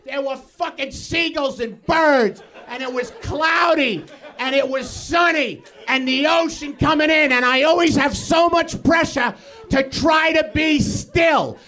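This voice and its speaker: A male comedian on a live stage, shouting an exasperated, profane rant. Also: very high-pitched, unhurried. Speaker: comedian guest.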